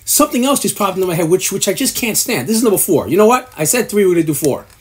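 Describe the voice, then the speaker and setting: A man rants with blunt, profane exasperation, mocking others by mimicking them. His voice is husky and his pitch swings widely. He sounds like a podcast producer airing his pet peeves. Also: sing-song, very fast. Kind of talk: ranting advice to camera.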